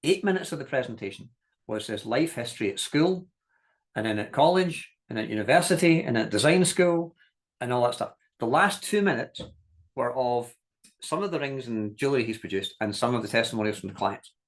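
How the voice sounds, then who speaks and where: A man teaching a business masterclass, telling lively stories, acting out quoted voices and laughing often, and repeating key points with direct emphasis. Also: medium pitch, a little fast. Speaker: business coach.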